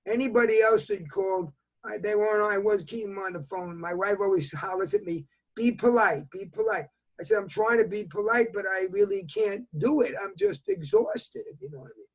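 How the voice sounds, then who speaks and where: Rambling older New man, husky. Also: high-pitched, a little fast, highs cut off. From New York. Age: 80s. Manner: rambling storyteller, repeats himself, chatty. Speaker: interviewee. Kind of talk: casual remote interview.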